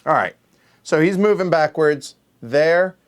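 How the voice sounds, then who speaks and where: A man's voice: fairly high pitch, animated, a little slow. Man muttering counts through a board game. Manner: counting aloud under his breath while thinking; muttering, self-correcting. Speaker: board game show host.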